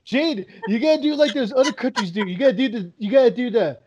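A man's voice: extremely high pitch, fast, a little mellow, breathy edge, dull audio. A man in casual chat, emphatic and profane, who keeps hammering his points home by repeating his friend's name.

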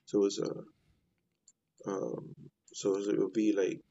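A man's voice: on the low side, level tone, slow, vocal fry, warm tone, lo-fi sound, a little hiss or hum. A man telling a personal ghost story in casual, rambling fashion, often repeating "I was like". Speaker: guest sharing a paranormal story.

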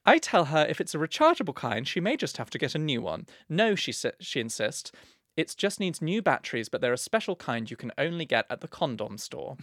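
A man's voice: on the high side, sing-song, normal speed, fairly bright tone, no echo, studio quality. A young man co-hosting a podcast, reading listener letters in a camp, playful way. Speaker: podcast co-host.

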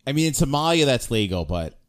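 A man co-hosting a comedy podcast, ribbing a caller in quick, deadpan banter. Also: medium pitch. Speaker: podcast co-host.

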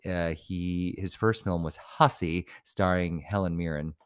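A man's voice: sits low, fairly even intonation, measured pace, clear, resonant tone, no room sound, studio quality. A man co-hosting a casual chat about films, rambling with lots of trivia and restarts. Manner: rambling, full of film trivia, many restarts. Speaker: podcast co-host.

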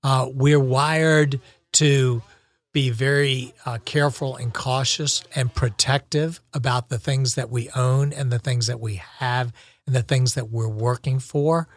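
Male podcast co-host, mid-pitched, reflective and encouraging, dry close sound. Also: fairly even intonation, unhurried, no echo. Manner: reflective, encouraging, with frequent restarts. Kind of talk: casual podcast chat.

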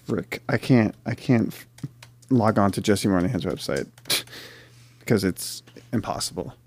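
A man's voice: fairly low pitch, a little slow, a little mellow, a little hiss or hum. A man co-hosting a casual podcast, talking bluntly and trailing off mid-sentence. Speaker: podcast co-host. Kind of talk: casual chat.

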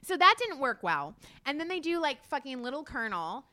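A woman chatting on a podcast as a guest, animated and swearing freely, with lots of "like". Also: high-pitched, a little fast, dry recording. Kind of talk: casual podcast chat.

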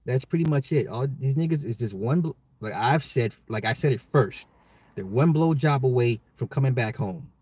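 A man hosts his own commentary podcast, speaking at an ordinary middle pitch. He talks straight to his listeners, pressing his points and often repeating himself to drive them home. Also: animated, moderate pace, darkish tone, breathy edge, no room sound. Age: adult, a father. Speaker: podcast host. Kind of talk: solo social commentary podcast.

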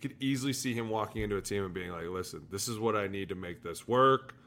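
A man, a former football player, telling animated locker-room stories on a casual podcast, shouting out the lines he quotes. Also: on the low side, fast. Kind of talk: casual storytelling chat.

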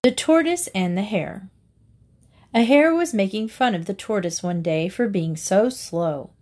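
A woman's voice: medium pitch, expressive, darkish tone. A woman narrating a series of short fables, reading each story aloud with its moral. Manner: slow, deliberate reading aloud. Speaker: reader.

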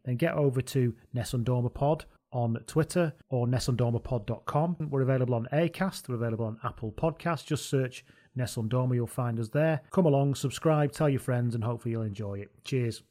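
A man's voice: mid-range voice, fairly quick, warm tone. A man hosting a rugby podcast in casual chat, jokey and rambling. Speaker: podcast host.

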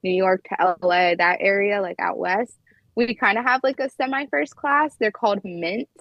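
A woman's voice: mid-range voice, normal speed, no room sound, dull audio. A young woman in her twenties, a flight attendant, chatting casually and telling stories full of "like". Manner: chatty storytelling, lots of "like". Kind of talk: casual podcast chat.

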